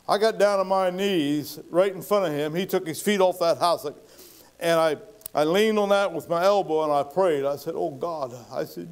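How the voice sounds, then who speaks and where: Folksy preaching man, fairly high voice. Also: darkish tone. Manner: folksy, acts out quoted voices with rising intensity. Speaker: pastor. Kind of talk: sermon storytelling.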